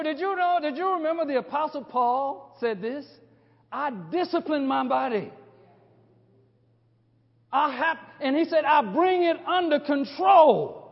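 An older man preaching a sermon, swinging from hushed low phrases to shouted peaks, repeating lines and asking the congregation questions. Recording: dull recording with long hall reverb.

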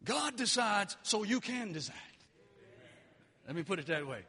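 A man preaching a sermon with passion, dropping low and then rising to shouts. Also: big pitch swings, a little slow, slightly rough, big-room sound. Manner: impassioned, swings between quiet and shouting.

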